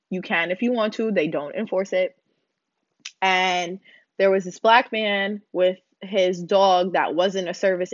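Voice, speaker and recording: A young woman vlogger with a medium-pitched voice rants through a casual storytime for her viewers, blunt, loud, profane and animated. The audio has no room sound and its highs are cut off.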